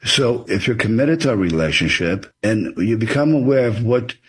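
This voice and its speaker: Interviewed as an author, a man explains things earnestly and offers advice, acting out example dialogue. His voice is fairly low and husky, animated, at a normal speed.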